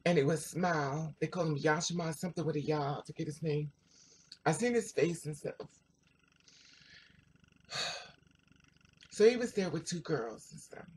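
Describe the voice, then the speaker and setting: A vlogger telling a personal story to viewers in a chatty, animated way, full of asides. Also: medium pitch, normal speed, long pauses, a little hiss or hum. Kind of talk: casual storytelling to camera.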